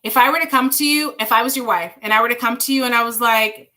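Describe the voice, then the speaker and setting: A woman's voice: on the high side, steady tone, quick pace, bright, forceful tone. A young woman giving tarot readings on a live stream, chatty and rambling, talking straight to her viewers. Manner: chatty, rambling, reassuring, sings bits of songs. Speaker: tarot reader.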